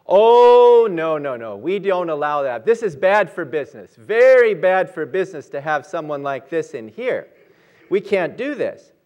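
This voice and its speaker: Man reads a flustered, loud restaurant manager. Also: on the high side, very animated, measured pace, muffled recording. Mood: alarmed.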